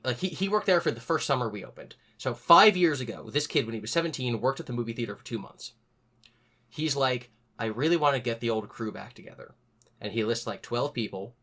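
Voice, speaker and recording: A young man hosting a podcast, telling a story in a casual, animated way and acting out other people's lines. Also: medium pitch, brisk. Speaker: podcast host.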